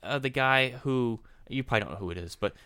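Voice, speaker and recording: A man co-hosting a podcast, talking in casual animated opinion chat and often restarting his words. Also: mid-range voice, fast talker, smooth. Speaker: podcast co-host.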